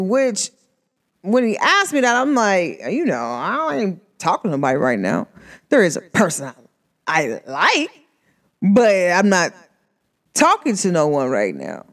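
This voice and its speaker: A young woman chatting casually and animatedly, telling a personal story with slang and acted-out voices. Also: on the high side. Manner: animated, expressive, slangy, acts out voices in her stories.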